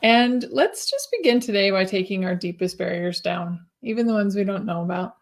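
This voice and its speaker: Emotional woman hosting a video-call interview. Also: mid-range voice. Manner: emotional, laughs often, gentle and inviting. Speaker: podcast host. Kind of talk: warm-hearted interview chat.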